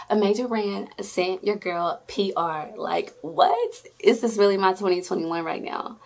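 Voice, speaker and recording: A woman's voice: lowish voice, gravelly. A woman vlogging an unboxing, chatty and effusive, often squealing with delight. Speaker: beauty vlogger. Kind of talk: excited unboxing vlog.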